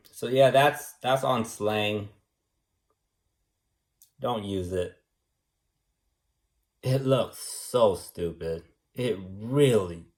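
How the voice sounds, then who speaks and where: A man's voice: mid-range voice, a little mellow. A man delivering a rambling, preachy monologue, repeating himself and tagging lines with "man" and "right". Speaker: vlogger.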